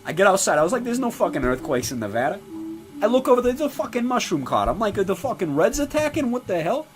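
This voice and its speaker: A loud-mouthed middle-aged New dad, as a man acts him out, ranting and rambling in a comedy sketch. His voice sits a bit high and leaps all over the place. Faint music plays softly behind him. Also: fast. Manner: profane rambling rants with animated pitch swings. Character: foul-mouthed middle-aged male restaurant regular, brash father. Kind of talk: comedy sketch character monologue.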